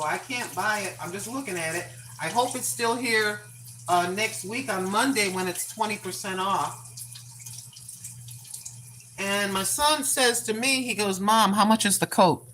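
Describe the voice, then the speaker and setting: A woman's voice: lowish voice, a bit bright, a little hiss or hum. Chatty older woman cooking at home. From Oregon, US. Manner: rambling storyteller, repeats herself, folksy. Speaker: cooking live-streamer. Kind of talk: casual chatty cooking live stream. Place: home kitchen, cooking at a griddle.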